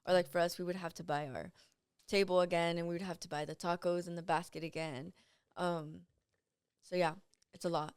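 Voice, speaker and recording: A woman guest on a casual podcast, telling a long story and leaning on "like" as she rambles. Her voice is smooth and clear, recorded dry and close in a studio. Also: lowish voice, level tone, a little fast, no room sound. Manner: rambling, heavy use of "like".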